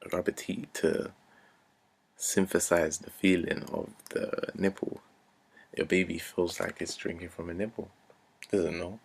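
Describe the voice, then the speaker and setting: A young man in his twenties with a very low, gravelly voice. He talks earnestly and off the cuff, repeating his points and sinking into a near-whisper now and then. His tone has a husky, rough edge. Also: steady tone, measured pace. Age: 20s. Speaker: vlogger. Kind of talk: unscripted rant to camera.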